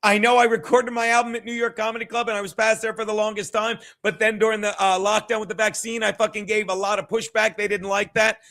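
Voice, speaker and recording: A man's voice: high voice, little pitch movement, fast talker, hardly any pauses, pushed and bright. A stand-up comedian, a man, giving a rambling, profane, combative rant as stream commentary.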